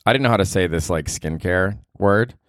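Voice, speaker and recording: A man's voice: low voice, normal speed, no room sound, clean studio sound. A man hosting his own podcast, talking in a rambling, profane, self-mocking comedic monologue. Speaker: podcast host.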